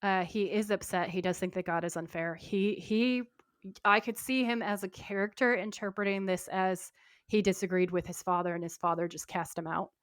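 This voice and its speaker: In clean studio sound with no room noise, a woman co-hosting a podcast recaps a TV episode in casual conversation, animatedly voicing the characters' lines. Her voice is smooth, medium-pitched and at a normal speed.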